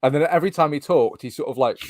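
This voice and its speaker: A man's voice: a little high, darkish tone, dry recording, clean studio sound. A man co-hosting a casual podcast, telling rambling stories and laughing often. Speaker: podcast host.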